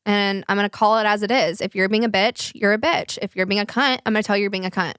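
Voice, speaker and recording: A young woman host tells a story in a loose, chatty way, swearing freely and acting out what people said in a raised voice. Her pitch sits in the middle for a woman. The sound is close and dry, with no room around it. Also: fast talker, clear, resonant tone, no echo. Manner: animated, profane, acts out quotes in a raised voice. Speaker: podcast host. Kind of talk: casual storytelling chat.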